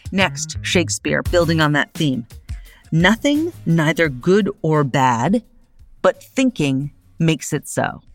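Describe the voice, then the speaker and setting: Middle-aged woman, solo podcast host, low and gravelly, lively and chatty. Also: slow, no echo, soft background music. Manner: animated, conversational, often asks "right?". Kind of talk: solo podcast monologue on philosophy.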